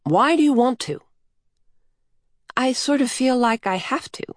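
An eager little girl full of curious questions, put on by a woman narrating a storybook. Her voice sits high and lifts on each question, in a close, dry sound. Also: expressive, measured pace, dry recording. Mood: earnest.

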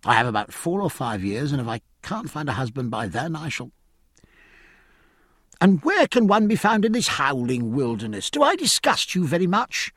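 A man's voice: fairly high pitch, sing-song, normal speed, no room sound, studio quality, pitched above the performer's own voice. A man voicing a proud, bitter young woman. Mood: impassioned. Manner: scornful, impassioned, sharp-tongued. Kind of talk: audiobook character voice.

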